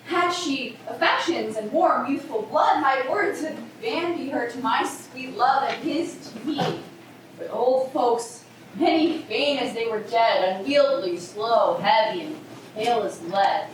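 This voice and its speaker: A woman's voice: fairly high pitch, unhurried, a little hiss or hum, close to an everyday voice. A young actress playing an eager, lovestruck teenage girl on stage, impatient and pleading. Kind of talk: stage play performance. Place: theater stage. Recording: echoey hall from far off, faint ambience.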